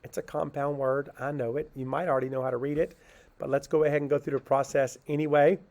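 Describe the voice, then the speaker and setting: A man with a slightly high voice, flat delivery, and darkish tone teaches phonics to children. He asks a question and answers it himself, then sounds words out syllable by syllable, all in a slow, patient way.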